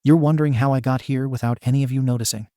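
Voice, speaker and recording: Man doing brash teen swordsman, cocky, teasing, mellow low-key voice, brief fan-story read. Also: fairly even intonation, racing, no room sound, studio quality, close to an everyday voice.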